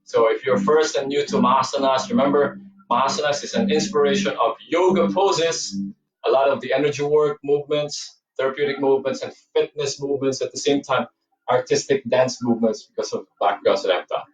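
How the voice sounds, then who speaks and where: This man, a yoga and movement instructor with a Filipino Cebuano accent, teaches a class in a dance studio, cueing breaths, counting and encouraging students. He speaks a little fast in a mid-range voice, and the rough recording is reverberant and distant.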